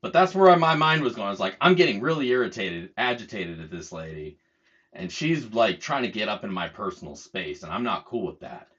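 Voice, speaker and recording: A middle-aged channel host tells a story as a heated, casual rant, swearing freely and mocking other people's words. His low voice is very animated, a little fast, and a bit bright, and the lo-fi sound is dull.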